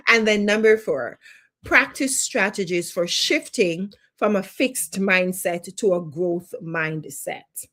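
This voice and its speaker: A woman's voice: mid-range voice, slow pace, fairly bright tone. A woman with a Jamaican accent, a life coach teaching a live online lesson, emphatic and fond of repeating phrases for effect.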